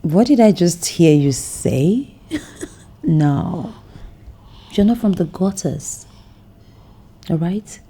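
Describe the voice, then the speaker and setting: A Nigerian actress playing a controlling woman who claims to be a mother, speaking slowly and insistently, often hushed. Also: fairly low pitch, lively intonation, breathy edge, heavily acted. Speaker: actress in a film. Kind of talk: film drama acting.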